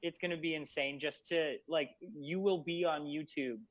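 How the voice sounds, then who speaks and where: A man hosts a casual podcast chat and rambles on in a hyped way, with plenty of fillers. His voice sits a touch high. The audio is a little dull and lo-fi. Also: steady tone, moderate pace. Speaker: podcast host.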